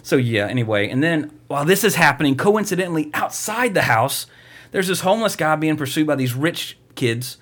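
A man's voice: fairly high pitch, very animated, a little fast, fairly bright tone. Rambling, profane man recapping a movie. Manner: rambling, profane, mocking storyteller. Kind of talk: casual movie recap chat.

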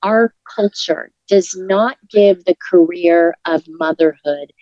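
A woman's voice: on the low side, takes it slowly, no echo, highs cut off. Earnest, encouraging middle-aged woman. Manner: earnest, encouraging, with soft laughs. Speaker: guest. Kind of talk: casual interview talk.

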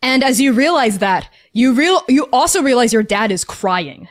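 A woman's voice: a little high, animated, moderate pace. A woman narrating as game master in a tabletop game, casual and full of "like"s. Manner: casual, filler-heavy narration with many "like"s.

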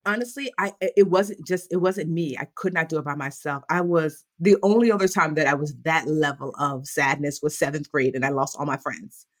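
Woman, thirties, lowish voice, lively storyteller, mimics voices in quotes, dry close sound. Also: fairly quick, few pauses, no echo. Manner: animated, acts out quoted voices with big pitch jumps. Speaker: guest. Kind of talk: candid interview storytelling.

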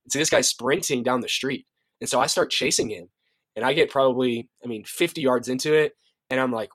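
A man who works as a youth director at a ministry, telling a story in an interview, animated, acting out the voices of people he quotes, often restarting his sentences. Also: medium pitch, fast talker, dry recording.

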